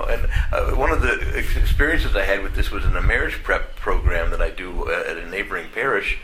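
A middle-aged Catholic priest giving a plain-spoken, conversational sermon in a church, halting and restarting as he goes. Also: fairly low pitch, expressive, pushed and bright, slight background noise, low-quality recording.

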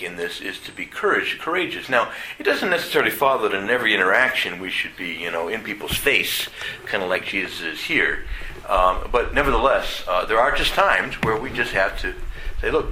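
A middle-aged Catholic priest giving a plain-spoken, conversational sermon in a church, halting and restarting as he goes. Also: fairly low pitch, lively intonation, pushed and bright, slight background noise, low-quality recording.

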